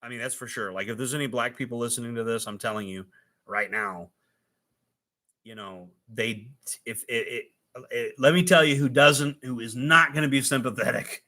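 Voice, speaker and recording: A man's voice: medium pitch, fairly even intonation, moderate pace, bright, forceful tone. A man hosting a casual, rambling monologue, with plenty of restarts and fillers. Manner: rambling, many fillers and restarts, laughs at own jokes. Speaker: host.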